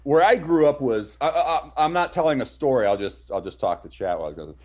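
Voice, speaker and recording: A man from Virginia chats casually on a stream, his pitch moving in a lively, animated way. He reacts with quick jokes and swears without much thought. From Virginia, USA. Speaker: stream co-host. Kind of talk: casual chat.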